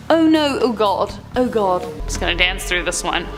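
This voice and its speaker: A woman's voice: mid-range voice, big pitch swings, measured pace. A woman reacting to scary video clips, with jumpy exclamations and chatty asides. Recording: music clearly playing behind.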